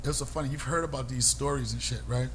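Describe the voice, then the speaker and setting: A man hosting a comedy podcast, telling stories in an animated, profane way and acting out other people's voices. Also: medium pitch, quick pace, a little hiss or hum. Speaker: podcast host. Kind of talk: comedic storytelling.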